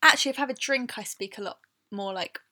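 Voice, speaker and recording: Southern English woman in her twenties, bright tone, casual podcast co-host who laughs easily. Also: fairly high pitch, fast talker. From southern England. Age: 20s. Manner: chatty, laughs often, quotes people in put-on voices. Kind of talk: casual chat.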